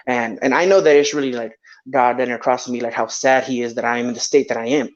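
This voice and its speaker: A young man tells a personal story in a casual, rambling way. His voice sits at an ordinary mid pitch and his sentences wander through fillers and restarts. The recording sounds dull and lo-fi. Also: fairly even intonation, fast.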